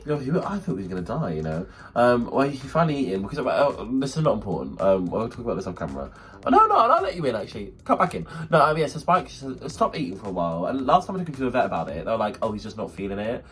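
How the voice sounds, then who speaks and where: Fast animated guy. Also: mid-range voice. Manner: animated storytelling, acts out quotes. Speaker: podcast co-host. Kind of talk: casual chat.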